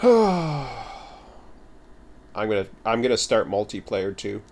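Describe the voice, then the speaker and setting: Hosting a game livestream, this man rambles chattily to viewers and mocks himself along the way. His pitch is fairly low, his delivery sing-song and slow, and his tone on the dark side.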